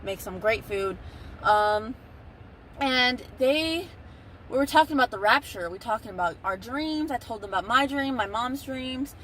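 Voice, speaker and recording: A woman's voice: on the high side, expressive, moderate pace, a bit bright, a little hiss or hum. A young woman talking casually to viewers in a rambling storytelling vlog, recorded on a phone in a car. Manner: chatty, rambling, talks straight to viewers. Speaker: vlogger. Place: in a parked car.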